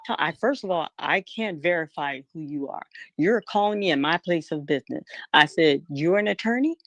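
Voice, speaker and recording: A woman's voice: low voice, animated, moderate pace, no echo, lo-fi sound. A woman as an interview guest, telling her story emphatically and acting out the people she quotes. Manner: emphatic, acts out quoted dialogue. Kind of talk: storytelling in casual talk.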